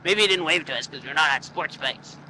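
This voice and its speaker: Riding outdoors on country roads, a Canadian woman vlogs through her helmet mic in a deep voice at a slightly fast pace. Her commentary is joking, profane, and rambling, with background noise in the mix.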